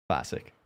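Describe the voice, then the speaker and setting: A young man talking casually on a live stream, rambling and stumbling over his words. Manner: rambling, stumbling, laughing often.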